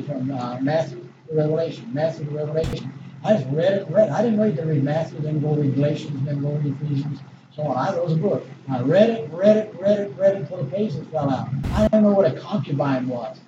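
A man's voice: on the high side, quick pace, dull audio. An older man preaching a sermon in a folksy, rambling storytelling way, often restarting his sentences. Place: church. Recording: distant echoey church recording with noise.

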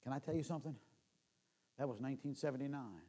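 An older man preaching a sermon, telling stories and swinging from loud bursts to hushed asides. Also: mid-range voice, fast. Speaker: traveling preacher. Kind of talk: sermon with storytelling.

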